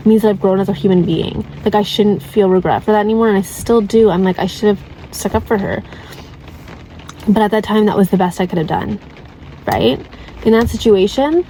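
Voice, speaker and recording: A young woman in her twenties speaks to her viewers in a loose, confessional chat full of "like" and tag questions. Her pitch sits in an ordinary middle range. A faint noise runs under the recording. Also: mellow, poor audio. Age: 20s. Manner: chatty, heavy use of "like" and "right?", candid. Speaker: vlogger. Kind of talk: casual confessional advice talk.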